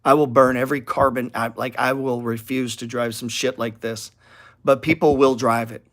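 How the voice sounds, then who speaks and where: A man's voice: medium pitch, steady tone, normal speed. Middle-aged man, trading channel host; blunt, profane, loose and rambling. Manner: blunt, profane, rambling, gets heated and louder. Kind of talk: casual trading talk to viewers.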